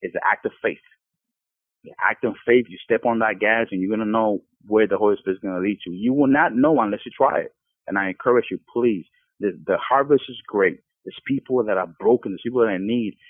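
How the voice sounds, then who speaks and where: A man's voice: fairly low pitch, a little fast, husky, dry recording. A man speaking as a podcast guest, giving an earnest Christian testimony with frequent stumbling restarts. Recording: tinny phone line.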